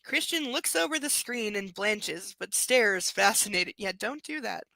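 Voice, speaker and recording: Young woman, live book reading, gravelly and dry, sarcastic asides. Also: mid-range voice, lively intonation, a little slow, pushed and bright, no echo. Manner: snarky, profane commentary between passages. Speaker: book reader.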